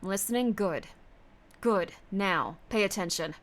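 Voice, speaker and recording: A woman's voice: medium pitch, measured pace, pitched below the performer's own voice, close to an everyday voice. A woman putting on the voice of a stern leader who barks clipped, authoritative commands at her audience.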